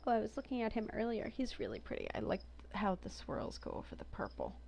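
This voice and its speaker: A woman's voice: mid-range voice, huge pitch swings, quick pace, gravelly, a little mellow, a little hiss or hum. A woman chatting casually and with amusement as she reviews a game collection, reading entries aloud between her own comments. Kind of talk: casual commentary while browsing.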